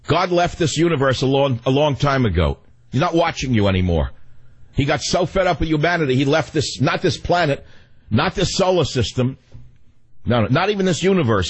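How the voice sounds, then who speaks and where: Talk radio host, man, husky voice, sarcastic rant with big pitch swings. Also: sing-song, fairly quick, low-quality recording.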